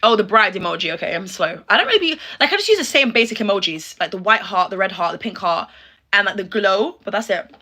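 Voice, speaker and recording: A young woman riffing through a reaction video, with a bright, forceful voice. She is sassy and quick to exclaim, and talks to her viewers like friends. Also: mid-range voice, lively intonation. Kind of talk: casual reaction commentary.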